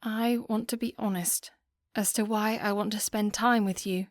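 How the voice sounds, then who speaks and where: A woman's voice: mid-range voice, steady tone, normal speed, no echo, natural voice. A woman reading an eager, earnest young lady who is shy and romantic, in an audiobook.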